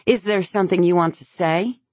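A woman voicing a sharp, defensive woman who snaps back at others, in an audiobook. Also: on the low side, brisk, dry recording, voice pushed up, lightly acted. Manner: sharp, accusing.

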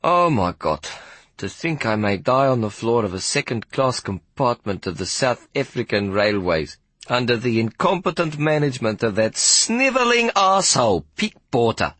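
A man voicing a loud, coarse and bossy big woman who curses theatrically and orders people around, in an audiobook. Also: medium pitch, sing-song, normal speed, no room sound. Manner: foul-mouthed, imperious, theatrical complaining. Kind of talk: audiobook character voice.

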